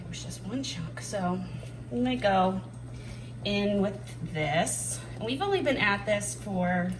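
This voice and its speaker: A woman's voice: mid-range voice, background noise. Chatty mom cooking in her kitchen. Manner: chatty, self-deprecating, thinks aloud while working. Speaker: homeschooling mom cooking on camera. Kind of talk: casual cooking chat. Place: home kitchen. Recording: distant mic with clattering dishes behind.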